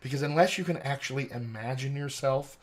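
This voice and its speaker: A man's voice: medium pitch, a little fast. An American man, an accent coach, explaining his teaching method methodically in an interview. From United States. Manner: articulate, methodical, lecturing.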